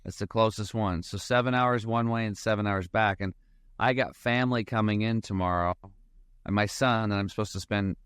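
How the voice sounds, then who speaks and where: A financial advisor appears as a guest on a casual podcast, talking in a rambling, storytelling way and acting out snippets of dialogue. His voice sits fairly low, a touch bright, with a clean tone. The studio recording is clean and free of echo.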